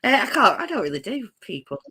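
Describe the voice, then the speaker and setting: A woman's voice: mid-range voice, very animated, bright, forceful tone, husky. A woman chatting casually as co-host, giggly and teasing. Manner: giggly, teasing, drawn-out swearing. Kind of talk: casual chat.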